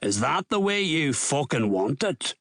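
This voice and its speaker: A man voicing a menacing middle-aged crime boss with a Belfast accent, gruff, threatening and swearing. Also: fairly high pitch, very animated, measured pace, fairly bright tone, no room sound, clean studio sound, full character voice. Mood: angry.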